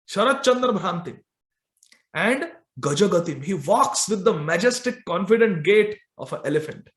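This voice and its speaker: A man preaching a devotional sermon in a temple hall, speaking emphatically and repeating key phrases, and drawing out the recited verses slowly. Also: high voice.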